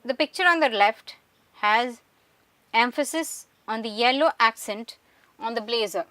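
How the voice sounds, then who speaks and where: A woman giving a measured, scripted lecture, explaining slides one by one. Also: on the high side, pushed and bright, no room sound. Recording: voice distant from the mic.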